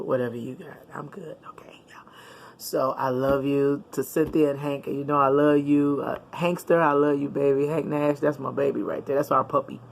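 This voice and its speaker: A middle-aged woman vlogger chatting casually and upbeat to her viewers, with a preachy tone and frequent laughter. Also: sits low.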